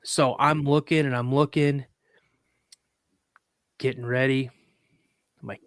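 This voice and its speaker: A man, a podcast guest, telling a story in a casual, animated way with acted quotes. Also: mid-range voice, moderate pace, long pauses, dry recording, clean studio sound. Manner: rambling with restarts.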